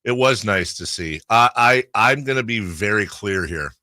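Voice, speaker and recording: A man's voice: on the low side, expressive, moderate pace, bright, forceful tone, dry recording. A man hosting sports radio talk, earnest and emphatic, often repeating himself as he builds a point into a studio mic.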